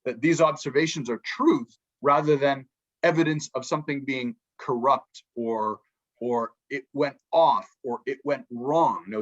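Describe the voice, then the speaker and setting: A man, a podcast guest and book author, explaining music ideas in a lively way and acting out quotes from musicians. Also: medium pitch, lo-fi sound. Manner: animated, acts out musicians' quotes, many restarts.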